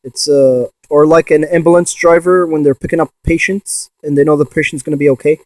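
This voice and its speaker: A man in a ghost box session vlog, excitedly calling out to spirits and swearing when he insists to viewers. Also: a little high, a little fast, no room sound. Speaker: paranormal investigator.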